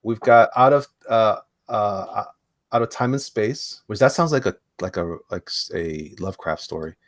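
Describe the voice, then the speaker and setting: A man hosting a casual online chat about indie comics, excitable and rambling, laughing often. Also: on the low side, moderate pace, no echo, clean studio sound. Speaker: host.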